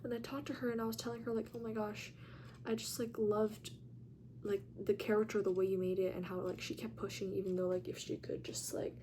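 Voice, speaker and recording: Young woman vlogger, mellow tone, chatty storytelling, animated and swearing freely. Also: mid-range voice, quick pace, slight background noise. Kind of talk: casual storytelling vlog.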